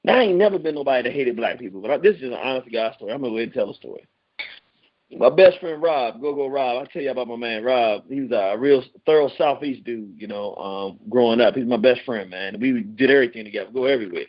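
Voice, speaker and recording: An animated male radio host with a lively voice that leaps up in pitch when he gets worked up. He talks to callers in a loose, conversational way. The sound is dull and lo-fi. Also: quick pace. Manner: animated, jumps high in pitch when excited. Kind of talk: call-in radio talk.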